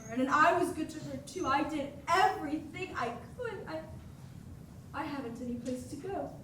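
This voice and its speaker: A woman's voice: high-pitched, moderate pace, a bit bright, slight background noise. A young woman playing a fretful aging actress. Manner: stammering, fretful and breathless. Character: fussy aging woman, a former actress, frightened and self-pitying. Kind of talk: live stage acting. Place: school theater stage. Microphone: distant room mic. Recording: echoey hall recorded from far off.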